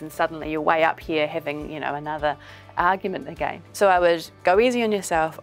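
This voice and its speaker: A woman with a New Zealand accent, a child and family psychologist, giving practical advice and acting out little examples. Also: low-pitched. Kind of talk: explanatory talk to camera.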